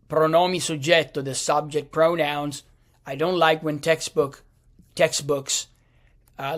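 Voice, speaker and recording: Slow-talking male language teacher. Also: on the high side, fairly bright tone. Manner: slow, hesitant, with many restarts and fillers. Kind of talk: explaining a lesson.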